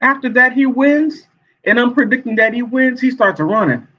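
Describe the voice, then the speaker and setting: A man giving sassy, animated gossip commentary as a vlogger, laughing often. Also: very high-pitched, moderate pace. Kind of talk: casual commentary. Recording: dull lo-fi sound.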